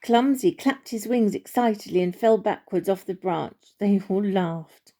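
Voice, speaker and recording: A woman reading a children's storybook aloud in a gentle, unhurried way, with small slips and restarts. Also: mid-range voice.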